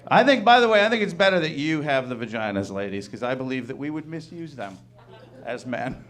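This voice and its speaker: A man in his thirties performing a stand-up comedy set, talking conversationally and acting out quick incredulous bits of dialogue. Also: mid-range voice, expressive, a bit bright. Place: comedy club stage.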